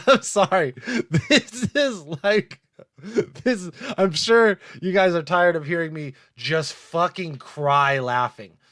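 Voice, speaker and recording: A man's voice: fairly high pitch, slow pace, a bit bright, no echo, clean studio sound. A man hosting a live podcast, chatting casually, laughing often and swearing a lot. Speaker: podcast host.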